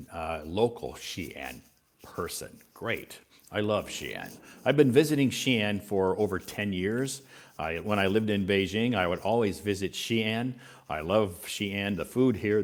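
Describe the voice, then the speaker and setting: Deep-voiced male English teacher, easygoing live-stream chat, repeats points to reassure viewers. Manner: relaxed, repetitive, reassuring.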